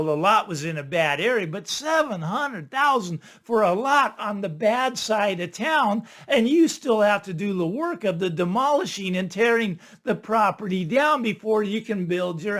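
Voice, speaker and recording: Middle-aged male host, higher-pitched voice, animated off-the-cuff market commentary, chuckles through his points. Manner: animated, laughs at his own points, many asides. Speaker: channel host and real estate agent. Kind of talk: casual market commentary monologue.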